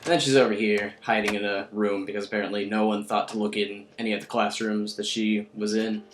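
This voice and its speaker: A man's voice: on the low side, little pitch movement, fairly quick, faint music behind. Rambling sarcastic young man recapping a game. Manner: rambling, sarcastic, crude, with fillers. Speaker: game video host. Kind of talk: casual game recap commentary.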